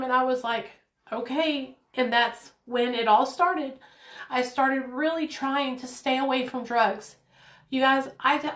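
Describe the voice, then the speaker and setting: A woman's voice: high voice, a bit bright, roomy sound. A woman in her thirties telling her own life story to viewers in a candid, earnest way, talking from her kitchen at home. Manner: candid, earnest, addresses viewers as "you guys". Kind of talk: personal storytime.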